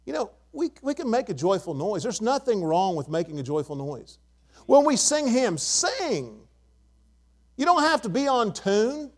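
Older man, pastor, sermon, emphatic, repeats key words, high-pitched. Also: very animated, a little slow.

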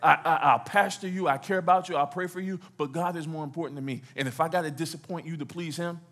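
A man's voice: fairly high pitch, steady tone, fast talker, a bit bright. Preaching man, rousing the congregation. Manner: call-and-response preaching, asks the congregation questions. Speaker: pastor. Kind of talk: sermon. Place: church sanctuary.

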